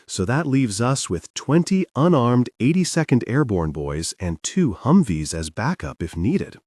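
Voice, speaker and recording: A man's voice: medium pitch, sing-song, measured pace, darkish tone, breathy edge, dry recording, clean studio sound, pitched above the performer's own voice. A man reading a grim army colonel. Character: terse military colonel, grim and clipped.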